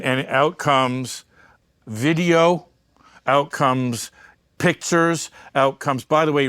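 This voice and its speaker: A man's voice: medium pitch, a bit bright, dry recording, clean studio sound. A man giving a candid interview, talking bluntly and emphatically, swearing freely and wandering into asides. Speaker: media entrepreneur and interview guest.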